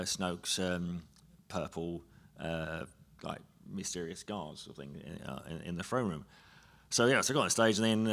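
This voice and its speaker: A man's voice: on the low side, creaky, sharp tone. An English man from England, a guest on a convention panel, telling a story live with lots of fillers, restarts and giggly asides.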